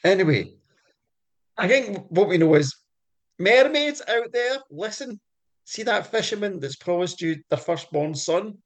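A man, co-hosting a podcast and retelling folk tales in a playful, animated way with jokey asides. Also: sits high, measured pace. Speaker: podcast co-host. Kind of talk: comic storytelling chat.

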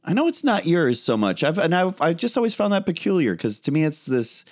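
A man co-hosting a podcast in casual chat, speaking thoughtfully and in a relaxed way, often hedging as he thinks aloud. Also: a little high, fairly quick. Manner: thoughtful, relaxed, musing with hedges and fillers. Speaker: podcast co-host.

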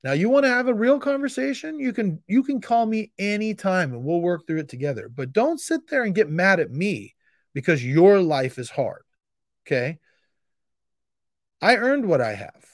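A man's voice: high-pitched, sing-song, moderate pace, no echo, studio quality. A man hosting a solo podcast, answering a listener with intense, emphatic tough love that comes across as a bit frustrated. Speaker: podcast host. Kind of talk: solo podcast pep talk.

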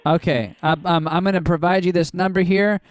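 A man's voice: high-pitched, steady tone, fairly quick, clear, resonant tone, dry recording. A man on a call giving his details, hesitating with many ums. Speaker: caller.

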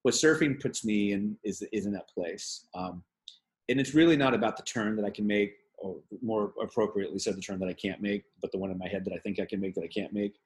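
A man's voice: lowish voice, brisk, low-quality recording. A middle-aged man talking in a casual, reflective interview, earnest and rambling with many restarts. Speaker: interviewee, league CEO.

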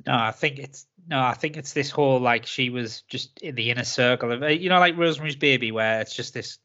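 A man's voice: mid-range voice, fairly quick, sharp tone, highs cut off. A man chatting casually on a film podcast, recapping scenes with laughter and swearing. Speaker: podcast co-host.

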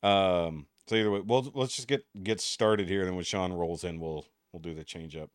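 Deep, smooth-voiced male podcast host. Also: moderate pace, dry recording, clean studio sound. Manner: rambling, loose, swears freely. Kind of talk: casual chat.

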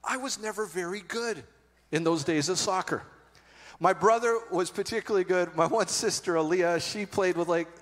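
A man in his forties preaching a sermon as pastor, telling stories with animated energy and then softening to earnest, quiet tones. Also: high-pitched, normal speed. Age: 40s. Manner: animated storytelling, drops to soft earnest tones. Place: church auditorium. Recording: long reverb of a large hall.

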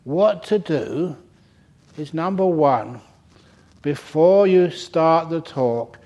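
A man's voice: a little high, animated, slow, a little mellow, pitched above the performer's own voice. A man voicing a sly senior male monk giving tongue-in-cheek advice, close to his own voice.

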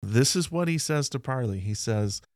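A man co-hosts a conversational podcast about history, earnestly retelling past events and reading old quotes in his plain voice. He speaks at a moderate pace with medium pitch, lively intonation and a slightly mellow quality, captured in clean studio sound with no room noise.

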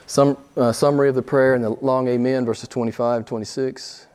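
A middle-aged male preacher delivering a sermon with passion, his voice jumping from hushed asides to sudden high, emphatic rises. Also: steady tone, fairly quick. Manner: impassioned, swings from quiet to loud with sudden rises.

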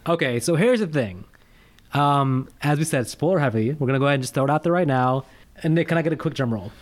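Animated man ranting about a movie. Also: medium pitch, fast talker, noisy background. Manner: animated, jokey, rants with rising emphasis. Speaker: podcast co-host. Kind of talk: casual movie review chat.

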